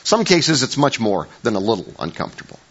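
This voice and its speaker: A man's voice: medium pitch, very animated, a little fast, fairly bright tone, husky. An older man preaching a conversational sermon in a church. He rambles through stories with many restarts and self-corrections, with wry, self-mocking humor. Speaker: pastor. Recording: dull lo-fi recording.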